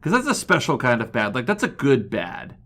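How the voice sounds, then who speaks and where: A man's voice: mid-range voice, wildly swooping pitch, a little fast, fairly bright tone. A man co-hosting a pop culture podcast, riffing with dry, goofy jokes in casual chat. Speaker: podcast co-host.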